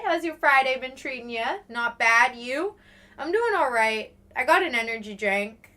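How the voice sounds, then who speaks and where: Bright, high-voiced chatty woman streamer. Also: measured pace. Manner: chatty, swears often, reads chat aloud; excitable greetings, frequent laughs. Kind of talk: casual chat with live viewers.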